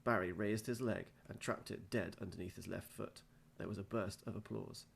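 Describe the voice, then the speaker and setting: A male teacher reading a children's storybook aloud in an unhurried way. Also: fairly low pitch, fairly even intonation, creaky, a little hiss or hum.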